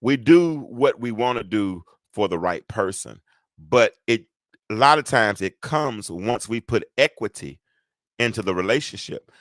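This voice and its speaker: A man's voice: fairly low pitch, lively intonation, unhurried, no room sound, studio quality. A middle-aged man hosting a solo talk show in a preachy, joking way, speaking straight to his audience and calling for amens. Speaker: host.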